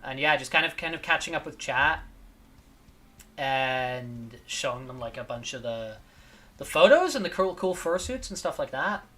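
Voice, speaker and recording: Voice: mid-range voice, lively intonation, normal speed, a bit bright. A laid-back livestreamer chatting casually with viewers, tired and rambling, repeating phrases with lots of filler words. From not from Spain, lives in Spain. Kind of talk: casual stream chat.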